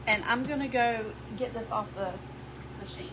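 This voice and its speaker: Speaking at normal speed in a highish voice, a middle-aged woman shows off her crafts on a live stream from her home workshop. She's chatty and addresses her viewers as "y'all," with a clear hum in the background.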